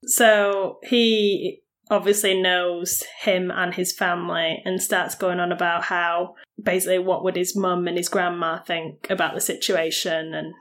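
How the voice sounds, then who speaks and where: A woman co-hosting a casual true-crime chat, relaxed and agreeable, adding details to the story. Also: on the low side, unhurried. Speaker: podcast co-host.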